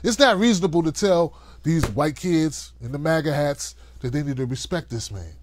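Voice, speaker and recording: A man's voice: on the high side, lively intonation, normal speed, a little hiss or hum. A man hosting a political commentary show, talking in an emphatic, sarcastic monologue.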